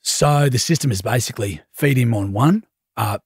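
A man's voice: mid-range voice, normal speed, slightly rough, no echo, clean studio sound. A young Australian man co-hosting a radio show, telling a joking story in casual on-air chat. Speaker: radio co-host.

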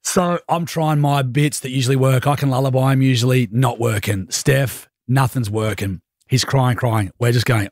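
Australian man, young, radio co-host; husky, animated, joking storyteller. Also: medium pitch, moderate pace, hardly any pauses, no room sound, studio quality. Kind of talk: casual on-air chat.

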